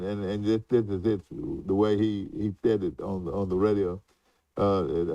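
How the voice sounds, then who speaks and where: Rambling older man, dark voice. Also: sits low, fairly even intonation, unhurried, dry recording, recorded from a distance, muffled recording. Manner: rambling reminiscing, many fillers and restarts. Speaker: co-host. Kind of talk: casual chat.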